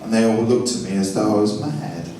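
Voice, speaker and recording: A man's voice: on the low side, lively intonation, a little fast, mellow, slight background noise. A man who is a record producer, telling studio stories in a dry anecdotal way and acting out what people said. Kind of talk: studio walkthrough talk. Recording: distant roomy mic with music.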